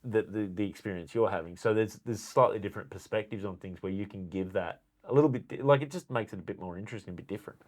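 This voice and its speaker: A man's voice: fairly low pitch, fast talker, hardly any pauses. A man hosting a casual podcast, talking in a loose, rambling way with frequent restarts. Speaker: podcast host. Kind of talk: casual chat.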